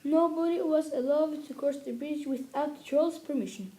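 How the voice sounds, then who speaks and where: A woman with a Norwegian accent, her first language Norwegian, reading a fairy tale aloud haltingly, with restarts. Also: high-pitched, warm tone, rough recording.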